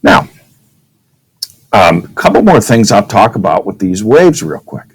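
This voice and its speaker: Male teacher, deep voice, relaxed classroom lecture style that keeps checking in with the class. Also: a little slow, slightly rough, no room sound, rough recording. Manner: casual, checks in with "okay?", demonstrates with his own voice.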